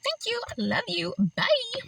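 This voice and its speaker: A woman's voice: extremely high pitch, huge pitch swings, slow, vocal fry, rough recording. A woman from Las Vegas talking to camera in an earnest, emphatic, chatty way. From Las Vegas, Nevada, USA. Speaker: vlogger. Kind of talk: casual talk to camera.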